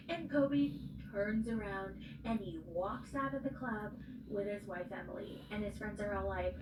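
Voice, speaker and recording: A woman's voice: a little high, moderate pace. A woman casually recapping a reality show, chatty and opinionated, acting out the cast's lines in put-on voices. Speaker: recap vlogger. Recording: echoey room, distant mic, audible noise.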